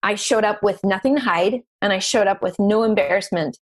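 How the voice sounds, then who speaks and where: A woman guest on a podcast interview, telling a personal business story in an earnest, emotional, animated way. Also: medium pitch, brisk.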